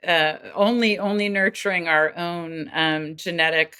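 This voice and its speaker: A woman's voice: fairly low pitch, fairly even intonation, unhurried, bright, forceful tone, clean tone. A woman guest on a podcast interview, explaining earnestly and acting out quoted voices now and then. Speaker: guest expert on child development.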